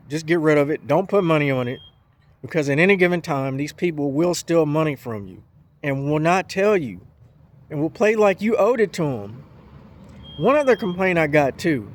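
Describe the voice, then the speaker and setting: A fairly high-voiced man talks straight to his viewers in a casual opinion video. He tells his complaint with rising indignation and acts out both sides of a phone call as he goes. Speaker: vlogger.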